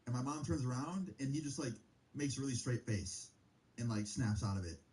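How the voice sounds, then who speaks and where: A man's voice: medium pitch, animated, fairly quick, a little mellow, poor audio. A young man telling a personal story in a heated, casual way, swearing freely. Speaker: streamer.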